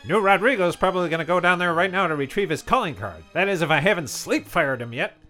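Guy doing a giddy rich tycoon, high bouncy voice, bright tone, soft music under. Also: lively intonation. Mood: cheery. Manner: gleeful, chirpy, quick to laugh. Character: chipper rich miserly male tycoon. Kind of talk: comedy radio-play acting.

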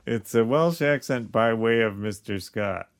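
Man, slow and gravelly, dry self-mocking podcast co-host, casual banter. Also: mid-range voice. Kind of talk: casual chat.

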